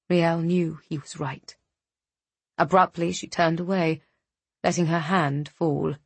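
A woman narrating a fantasy novel with measured, dramatic storytelling. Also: low-pitched, steady tone, husky, dry recording. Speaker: audiobook narrator.

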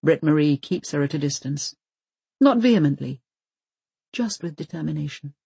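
Low, husky woman narrating a novel. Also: lively intonation, normal speed, warm tone, dry recording. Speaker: audiobook narrator. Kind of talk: scripted audiobook narration.

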